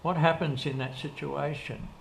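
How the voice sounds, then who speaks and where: Speaking at a normal speed, an older man with a fairly high, gravelly voice and a steady tone tells long, wandering stories as a guest in an interview. He restarts often and quotes dialogue; it's casual storytelling over faint background noise.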